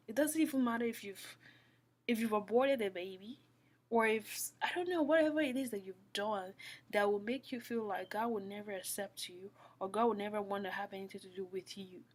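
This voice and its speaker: An earnest woman speaks an informal devotional message to the listener. She repeats phrases for emphasis and often sinks into a soft, close whisper before her voice rises again with conviction. Her pitch sits in a middling range. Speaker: Christian speaker. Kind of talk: heartfelt spoken devotional talk.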